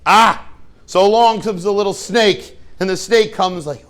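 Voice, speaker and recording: A man's voice: high voice, moderate pace, a bit bright. A man, a rabbi giving an informal, joking lesson to his students and tossing questions at the class.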